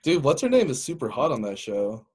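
A man's voice: medium pitch, sing-song, fairly quick, a little mellow, husky. A man around thirty hosting a casual crude podcast, teasing his guest with provocative questions. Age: 30s.

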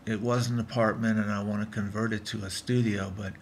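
A man's voice: on the low side, level tone, a little fast, gravelly, a little hiss or hum. A man in his fifties recording a casual video diary in his apartment, talking in an earnest, rambling way that keeps breaking off and restarting. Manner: rambling, earnest, self-interrupting. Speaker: vlogger.

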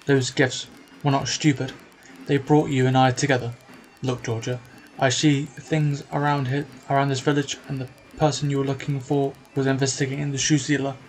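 A man voicing a wise, cryptic talking cat in a video game, speaking slowly with formal, solemn phrasing over faint music. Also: mid-range voice, little pitch movement, close to an everyday voice, poor audio.

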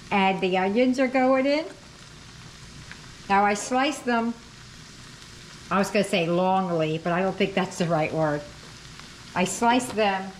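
A woman's voice: medium pitch, slight background noise. A woman hosting a home cooking video, chatting casually and correcting herself as she cooks in her kitchen. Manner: chatty, self-correcting, talks while cooking. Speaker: cooking channel host. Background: frying and sizzling.

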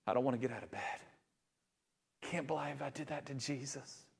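A pastor voicing a grieving disciple who feels too unworthy to go on, speaking quietly in a hushed, despairing way. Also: male voice, mid-range voice, moderate pace, creaky, husky, big-room sound. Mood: remorseful. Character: grieving disciple, man, remorseful fisherman.

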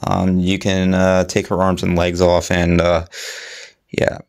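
A man's voice: low-pitched, monotone, takes it slowly, vocal fry. A man chatting casually in a monthly vlog, rambling with lots of fillers and restarts. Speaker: vlogger.

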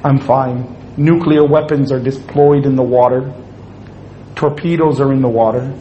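A man's voice: mid-range voice, fairly even intonation, moderate pace, dark tone, highs cut off, slight background noise. A man giving a humorous Islamic lecture to an audience, joking and acting out little scenes as he speaks. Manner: joking, playful storytelling with acted-out quotes.

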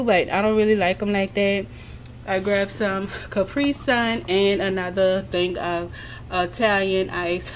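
A woman's voice: medium pitch, slight background noise, low-quality recording. A woman in her thirties vlogging at home in a casual, chatty way, addressing her viewers again and again. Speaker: lifestyle vlogger and mom. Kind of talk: casual vlog chat.

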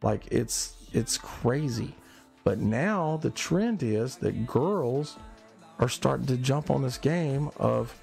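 A man's voice: mid-range voice, animated, slow, gravelly, a little mellow, faint music behind. A tired man streaming live, ranting in a blunt, profane and rambling way. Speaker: livestreamer. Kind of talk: casual live-stream rant.

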